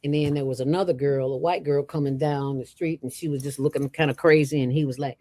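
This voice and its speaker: A woman who founded a nonprofit, telling stories in an interview with an emphatic, streetwise, animated manner. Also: very deep voice, fast talker.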